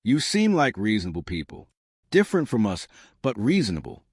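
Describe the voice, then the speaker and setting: A man voicing a calm, reasonable woman admiral in a storybook. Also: lowish voice, fairly quick, breathy edge, dry recording, studio quality, heavily acted. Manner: mild, reasonable.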